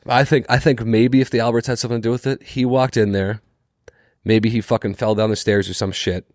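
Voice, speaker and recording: A young man co-hosting a podcast, telling a story in casual, animated chat and swearing freely. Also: mid-range voice, brisk, no echo, clean studio sound. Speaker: podcast co-host.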